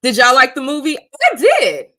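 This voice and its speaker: A woman's voice: sits high, huge pitch swings, normal speed, sharp tone. A woman hosting her live stream, giving emphatic, profane commentary and laughing often between points. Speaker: streamer and channel host.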